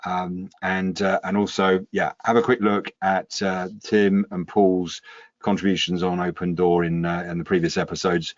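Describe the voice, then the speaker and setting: Deep-voiced man giving practical advice. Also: level tone, moderate pace, dry recording. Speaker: podcast co-host. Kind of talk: casual live show chat. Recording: dull, dry lo-fi stream audio.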